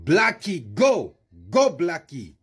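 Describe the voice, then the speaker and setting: A man voicing a mocking, gloating government official in a put-on South African accent, raising his voice high above his own. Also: huge pitch swings, slow, a bit bright, husky, heavily acted. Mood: taunting. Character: mocked government official, adult, gloating and dismissive.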